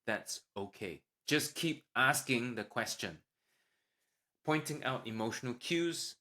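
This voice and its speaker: A man hosting a solo parenting podcast, calmly explaining tips and acting out sample lines a parent might say. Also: medium pitch, takes it slowly. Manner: calm, explanatory, acts out parent lines with a livelier voice. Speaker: podcast host, parenting doctor.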